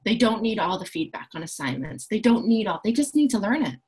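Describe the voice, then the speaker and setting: A woman's voice: medium pitch, sing-song, a little fast, a little mellow, breathy edge, rough recording. A woman who runs a coaching school, explaining her programs in an enthusiastic, self-assured, chatty way. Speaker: empowerment coach and school founder. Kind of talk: promotional explainer talk.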